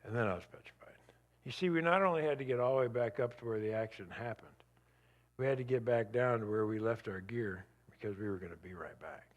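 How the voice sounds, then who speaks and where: A man giving a church talk as a guest speaker, telling a dramatic personal story in vivid, animated bursts that drop suddenly to a hush. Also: medium pitch, fast talker.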